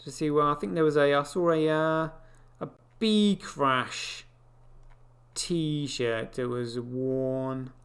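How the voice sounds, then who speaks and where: Male live-show host, slightly higher voice, rambling casual commentary with fillers and dry asides. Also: steady tone, slow pace, fairly bright tone. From United Kingdom.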